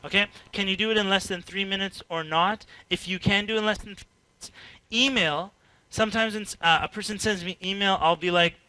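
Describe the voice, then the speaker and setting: A man with a high-pitched voice gives an informal teaching talk to a group as a workshop speaker, talking fairly quickly in a clean tone. He's animated and chatty, acting out little dialogues and laughing between sentences heavy with filler.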